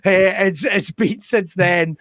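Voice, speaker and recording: Upbeat high-voiced Scottish podcast host. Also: male voice, slow pace, fairly bright tone, no echo, studio quality. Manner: upbeat, jokey, showman-like. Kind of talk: lively podcast hosting. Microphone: remote call.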